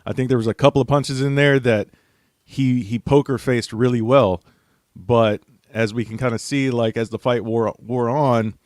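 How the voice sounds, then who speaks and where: A man's voice: medium pitch, fairly even intonation, moderate pace, a little mellow, dry recording, studio quality. A male writer on a panel, giving thoughtful, casual analysis of a fight, often hedging with fillers.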